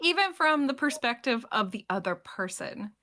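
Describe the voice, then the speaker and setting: Woman guest, casual and candid, bright tone, quick to laugh. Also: a little high, big pitch swings. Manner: chatty and candid, laughing often. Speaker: podcast cast member. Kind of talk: casual podcast chat.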